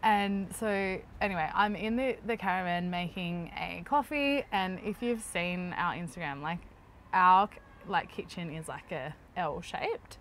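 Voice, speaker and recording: A woman's voice: fairly low pitch, a little slow, a little hiss or hum. An Australian woman in her thirties, a mother co-hosting a casual family travel chat, telling stories with lots of laughter and "like" fillers. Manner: lively, laughs often, many "like" fillers. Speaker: co-host, mother. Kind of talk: casual chat, animated storytelling.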